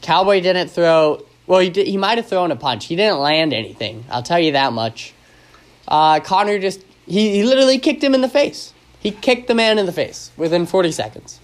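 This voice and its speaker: Expressive and moderately paced, this somewhat high-voiced man hosts a casual solo podcast, joking and rambling through his stories. He fills his speech with ums and uhs and restarts often.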